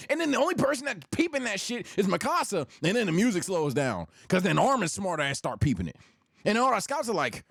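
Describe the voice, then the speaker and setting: A young man streaming, ranking anime in loud, profane, animated casual chat. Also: high voice, brisk, gravelly, dry recording, studio quality.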